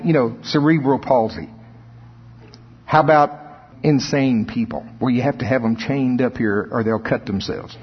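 A preacher man delivering a sermon in a long-echoing church hall. His voice is slightly husky, and the lo-fi recording dulls it a little. He pushes into emphatic high swells and chuckles between his points.

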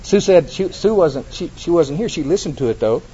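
A man preaching a lively sermon, laughing and rising high when he acts out scripture. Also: brisk, slightly rough, lo-fi sound.

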